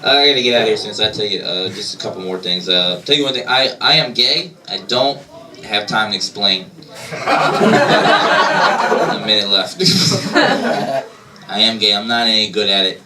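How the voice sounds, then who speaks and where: A man's voice: fairly low pitch, moderate pace, pauses often, heavy background noise. Self-deprecating man doing stand-up. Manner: self-deprecating, laughs between lines. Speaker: stand-up comedian. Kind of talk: stand-up comedy set. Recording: distant mic, loud crowd laughter.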